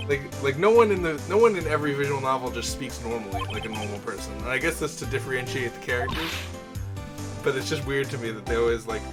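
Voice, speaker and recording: A man chatting casually as he plays through a visual novel, rambling from thought to thought and swearing now and then. His voice sits at a middling pitch. Game music plays clearly under his talk. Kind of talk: casual let's-play commentary.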